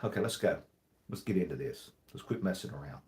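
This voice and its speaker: A man hosting a live stream, reading jokes aloud in a dry, deadpan way and rambling with many restarts and apologies. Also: low-pitched, fairly quick. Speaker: livestream host. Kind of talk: casual livestream chat, reading jokes aloud.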